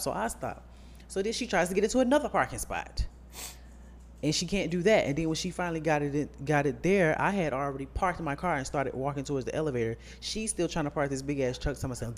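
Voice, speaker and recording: A man's voice: on the high side, fast talker. A young man co-hosting a podcast, casually telling an irritated, sassy story. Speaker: podcast co-host.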